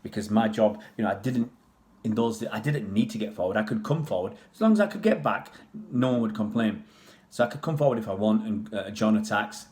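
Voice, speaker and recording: A man's voice: on the low side, lively intonation, a little fast, a little mellow. A man from Pakistan, raised in England, chatting casually on a livestream and answering viewers' questions in a rambling way. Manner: rambling, chatty, many restarts and fillers.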